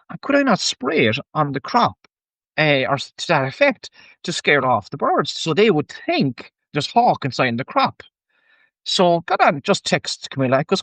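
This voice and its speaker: An Irish farmer, guesting on a podcast, tells an animated anecdote in a casual storytelling interview, acting out what people said to him and chuckling often. His voice is a little high, at normal speed, with no room sound.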